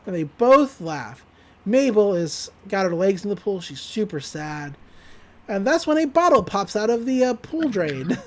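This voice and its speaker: A podcast co-host talks through a cartoon episode in an animated retelling, with giggles along the way. The voice sits at a middling pitch. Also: unhurried.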